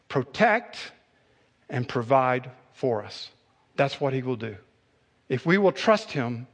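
Male pastor delivering a sermon in a church; slow and deliberate, rising to emphatic repetition. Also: mid-range voice, long reverb tail. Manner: builds to loud emphatic repetition.

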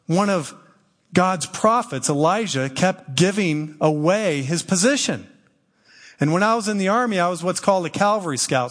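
A middle-aged man, a church elder, giving a conversational, earnest sermon and acting out quoted voices. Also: in a large hall. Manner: conversational, earnest, acts out quotes with shifting pitch. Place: church sanctuary.

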